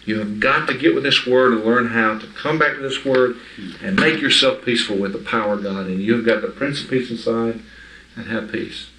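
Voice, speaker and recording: In an echoey room with the microphone far away, a man teaches the Bible informally to a small group. His mid-range voice moves at normal speed and sounds pushed and bright. He talks conversationally and emphatically, frequently making sure his listeners understand.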